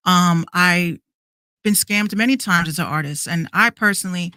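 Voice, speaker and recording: Podcast host, woman in her 30s, bright dry voice, heated swearing rant. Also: fairly low pitch, moderate pace, no room sound. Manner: heated, repetitive, swearing rant with many restarts.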